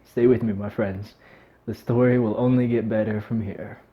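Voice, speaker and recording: A man speaking to camera in a vlog, teary and on the edge of crying, talking in an emotional, halting way. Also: lowish voice, fairly even intonation, narrow, tinny audio. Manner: emotional and halting, breaking into nervous laughs. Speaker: vlogger. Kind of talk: heartfelt talk to camera.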